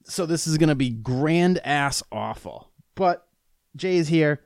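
A man's voice: on the high side, expressive, measured pace, vocal fry, a little mellow, dry recording, clean studio sound. A man hosting his own podcast in a rambling, profane, self-mocking chat, struggling with the hiccups. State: has the hiccups. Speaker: podcast host. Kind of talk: casual solo podcast rant.

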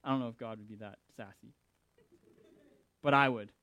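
A male pastor preaching a sermon, animated and emphatic with dramatic pauses. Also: medium pitch, no room sound.

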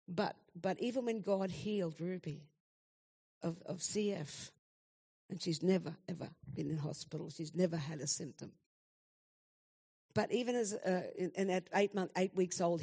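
A woman's voice: mid-range voice, darkish tone. Woman, 60s, church testimony, earnest and heartfelt storyteller, mid-range voice. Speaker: church member giving testimony. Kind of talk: spoken personal testimony.

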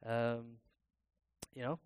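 A man preaching a sermon in a conversational way, pausing and restarting as he reads scripture aloud. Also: mid-range voice, clean tone. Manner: bursts into loud, excited acted-out exclamations.

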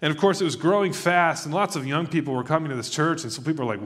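A man preaching a sermon in a conversational, animated way, acting out quoted voices as he tells stories. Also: on the high side, fast, hardly any pauses. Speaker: pastor.

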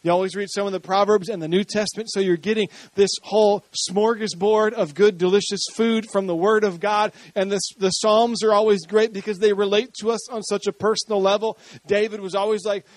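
A man's voice: high voice, fairly even intonation, fairly quick, hardly any pauses, dry recording. A man preaching a sermon as pastor to a congregation, building energy and joking with the crowd.

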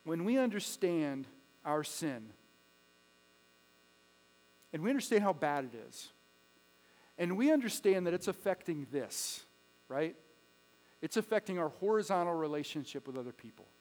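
A man preaching a sermon as pastor, dropping to hushed asides and rising to loud pleas. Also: fairly high pitch, big pitch swings, moderate pace, pauses often. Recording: long echo of a hall with mains hum.

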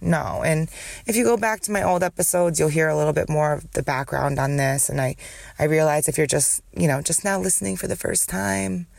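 A woman's voice: low voice, brisk, gravelly, a little mellow, no echo. A woman hosting a candid solo podcast with a cold and a smoker's cough. She talks in a rambling, profane way and jumps from thought to thought. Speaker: podcast host.

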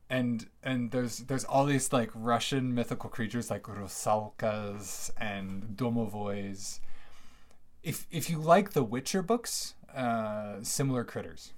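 A man hosting a solo podcast from home, chatting in a rambling, digressive way with many fillers and bursts of enthusiasm. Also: mid-range voice. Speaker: podcast host. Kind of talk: casual solo podcast monologue. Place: at home near a fridge.

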